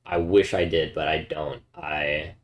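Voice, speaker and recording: A man's voice: a bass voice, flat delivery, measured pace. A young man and university student chatting casually with his viewers in a laid-back way, with lots of ums and uhs. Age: young adult. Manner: laid-back, many fillers. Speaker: streamer.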